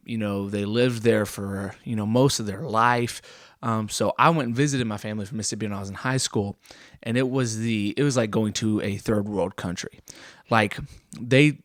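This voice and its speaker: A young man doing an absurd deadpan comedy monologue, rambling with many fillers and self-corrections. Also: medium pitch, dry recording, studio quality.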